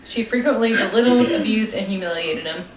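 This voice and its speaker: On a relaxed true-crime podcast, a young female co-host reads through her notes at a fairly quick clip, breaking into laughter and stumbles along the way. Her voice is mid-range and far from the mic, surrounded by roomy echo and a faint hum of room noise.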